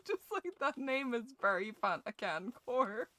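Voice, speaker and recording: A woman's voice: on the high side, big pitch swings, takes it slowly, sharp tone, dry recording. A young woman streaming a game and chatting casually with her viewers, giggling and swearing freely while sounding ill with a cough.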